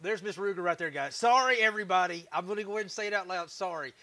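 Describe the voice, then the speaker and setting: Talking at a racing pace, a Texas woodturner hosts a woodworking livestream in a loose, laid-back style, laughing easily and tossing in swear words. His voice is high for a man, with a bright, forward ring.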